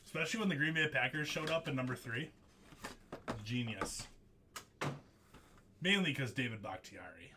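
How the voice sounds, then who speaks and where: A man hosting a live card break, excitable and jokey, laughing often as he calls out hits. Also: medium pitch, moderate pace, long pauses, noisy background. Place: studio.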